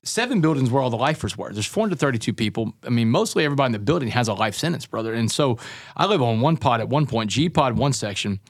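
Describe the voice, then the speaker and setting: A man's voice: mid-range voice, expressive, quick pace, no echo, studio quality. A man guest on an interview podcast, telling his story in an earnest, intense way and often calling the listener "man" and "brother".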